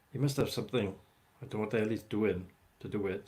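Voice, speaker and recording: Bloke on a morning livestream, deep-ish voice, just rambling and greeting folks. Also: male voice, quick pace, few pauses, darkish tone. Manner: rambling, chatty, talks to viewers by name. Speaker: livestream host chatting with viewers. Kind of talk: casual live chat.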